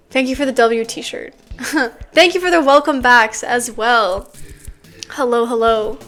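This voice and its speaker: Woman streamer, high voice, unhurried and drawn-out, laughs a lot while chatting. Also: a bit bright. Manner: giggly, laughs often between sentences; chatty, drawn-out, loose with fillers. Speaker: streamer greeting chat. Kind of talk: casual stream chat.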